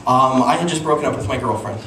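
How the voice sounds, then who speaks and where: A young man from Utah performs stand-up on a comedy club stage, telling animated stories and tossing asides to the crowd, speaking fast in a medium-pitched voice. The live room is echoey and noisy, the mic set at a distance, with audience laughter and room noise behind him.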